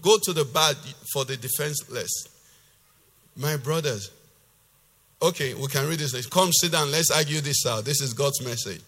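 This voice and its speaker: Forceful pastor in a reverberant hall. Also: male voice, normal speed, husky. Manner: reads scripture loudly and forcefully, then explains in a lower conversational voice. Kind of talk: sermon with scripture reading. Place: church hall. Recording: long reverb of a church hall.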